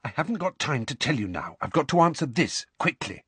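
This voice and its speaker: A man voicing a clever, bossy teenage schoolgirl in an audiobook, with a sharp, urgent and exasperated way of talking. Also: a little high, very animated, brisk, slightly rough, no echo, voice pushed up, heavily acted.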